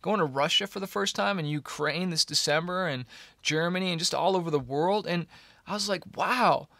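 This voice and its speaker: A young man, a musician, telling his own story to camera in a casual, energetic way, with lots of "man" and "you know". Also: fairly high pitch, fairly quick, gravelly, no room sound. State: coughing a little. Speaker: musician vlogger.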